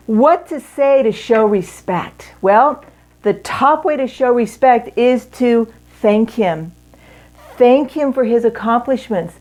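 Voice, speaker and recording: A middle-aged woman teaching a marriage seminar, her voice set a little high for a woman. She talks slowly and earnestly in measured phrases, pausing often as she makes each point. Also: a little mellow. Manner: earnest, instructive, with pauses. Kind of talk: teaching talk to women.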